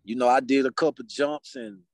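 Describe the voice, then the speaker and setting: A man's voice: medium pitch, brisk. A man from Mobile, Alabama, a podcast guest telling a story in casual chat and acting out the dialogue in it. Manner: animated, acts out dialogue in quotes.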